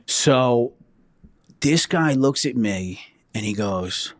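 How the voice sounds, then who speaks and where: Blunt, profane former trooper telling stories. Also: male voice, mid-range voice, animated, takes it slowly, no room sound, studio quality. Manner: blunt and profane, acting out quoted lines. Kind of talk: casual podcast storytelling.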